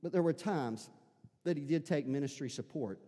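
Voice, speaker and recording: An Arkansas pastor with a squeaky, fairly high voice, preaching a sermon in a church. He moves between shouted fervor and quiet confiding. The sound carries a long hall reverb. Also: normal speed. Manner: swings from shouted preaching to quiet, intimate talk. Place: church sanctuary.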